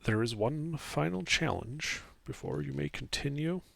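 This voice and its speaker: A man voicing a floating, robed male ghost guardian who gives menacing commands in a low, ghostly voice. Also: expressive, unhurried, creaky, no echo, full character voice.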